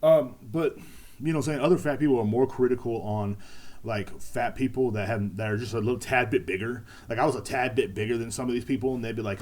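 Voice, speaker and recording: A man's voice: mid-range voice, fairly quick, darkish tone. A man hosting a podcast, rambling casually with lots of profanity and repetition. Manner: profane, repetitive, laid-back. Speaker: podcast host.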